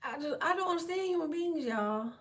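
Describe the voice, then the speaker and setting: A woman in her thirties from the United States, a tarot vlogger, rants to her viewers in a very high, slightly fast voice recorded from a distance. She is blunt and profane, telling her stories with animation.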